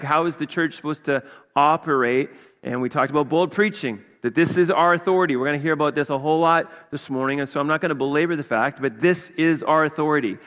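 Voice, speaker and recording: Conversational man preaching in a reverberant hall. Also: on the high side. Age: 50s. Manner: energetic, conversational preaching with frequent "okay?" check-ins. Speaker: pastor. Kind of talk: sermon. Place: church sanctuary.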